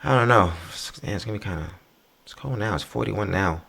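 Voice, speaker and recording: A man's voice: fairly low pitch, brisk, vocal fry, slightly rough. A man hosting his own podcast, ranting casually and profanely. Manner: profane, rambling, animated. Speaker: podcast host. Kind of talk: casual solo rant.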